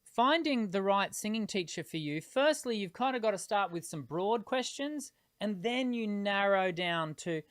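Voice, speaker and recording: A man hosting a live singing Q&A as a voice teacher, explaining technique patiently and pausing to demonstrate tones, with frequent hesitations between points. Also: sits high, lively intonation, a bit bright, clean tone, dry recording, clean studio sound. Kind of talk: live-streamed Q&A.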